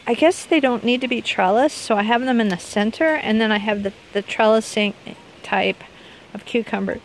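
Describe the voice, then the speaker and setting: A woman's voice: on the high side, normal speed. Woman, middle-aged, casual garden vlog, rambling, outdoors, faint background noise. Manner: rambling, chatty, self-correcting. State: unwell, with hiccups. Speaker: vlogger showing her garden.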